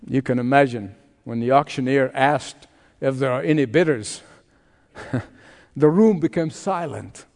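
Pastor, male, unhurried storyteller with lively pitch swings; sanctuary reverb. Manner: dramatic storyteller, acting out the voices in his tale. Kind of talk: sermon storytelling. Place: large church sanctuary. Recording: long hall reverb.

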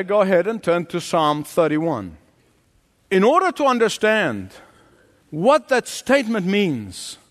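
A man preaching a sermon as pastor in a church, deliberate and emphatic, building his points through repeated phrases. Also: high voice, fairly bright tone, long reverb tail.

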